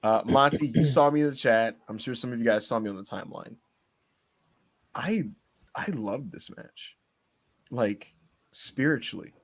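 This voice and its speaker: A man co-hosting a casual podcast, excitable and teasing, laughing often as he talks. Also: mid-range voice, moderate pace, long pauses. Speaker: podcast co-host.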